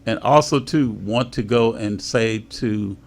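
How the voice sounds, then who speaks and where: Gravelly-voiced male talk show host. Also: lowish voice. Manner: measured, thanking guests and urging listeners. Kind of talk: panel discussion moderating.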